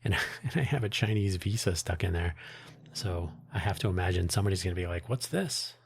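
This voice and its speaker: A man's voice: low voice, steady tone, fast, vocal fry, slightly rough, dry recording. A man hosting his own podcast, talking in a rambling, wry way with frequent restarts and asides. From United States. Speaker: podcast host. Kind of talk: casual solo monologue.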